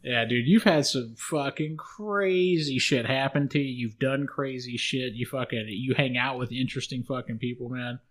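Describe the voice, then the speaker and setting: A man's voice: medium pitch, normal speed, few pauses. Guy co-hosting, swears a lot, keeps pushing his buddy to tell the story. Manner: profane, egging on the storyteller. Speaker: co-host. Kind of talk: casual chat.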